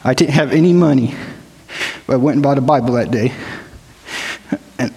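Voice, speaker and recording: A man telling his personal testimony to a church gathering, plain-spoken and emotional, often halting and repeating himself. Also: mid-range voice, a little mellow. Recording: long hall reverb.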